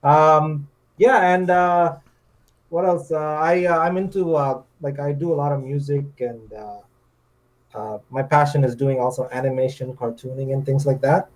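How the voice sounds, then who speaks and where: Hesitant man in his thirties, slightly high voice. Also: steady tone, normal speed, poor audio. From India. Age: 30s. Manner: hesitant, many fillers, laughs easily. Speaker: debate guest. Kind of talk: casual livestream chat.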